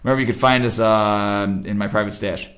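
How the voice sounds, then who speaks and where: A man's voice: fairly low pitch, steady tone, a little fast, a bit bright. A man hosting a casual sports podcast, loose and joking as he wraps up the show with friends. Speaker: podcast host.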